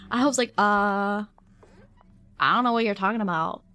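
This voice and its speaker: A young woman streamer tells a story casually and with lots of energy, laughing often and letting out high squeals.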